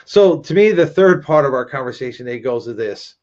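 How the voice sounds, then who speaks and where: A man's voice: mid-range voice, lively intonation, brisk, a little mellow, highs cut off. Man giving a chatty webinar talk. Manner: conversational, frequent tag "right?", sarcastic asides. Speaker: workplace trainer. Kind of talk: webinar presentation.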